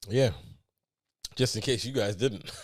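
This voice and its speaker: A man's voice: mid-range voice, slow pace, no room sound, studio quality. A young man from co-hosting a podcast, teasing and laid-back, often laughing. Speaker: podcast co-host. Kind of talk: casual banter.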